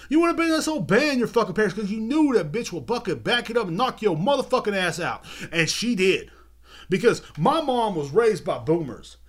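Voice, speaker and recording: A man's voice: sits high, sing-song, a little fast. A young man hosting a podcast, ranting heatedly and repeating himself with constant swearing. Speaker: podcast host. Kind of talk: profane rant. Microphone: video podcast mic.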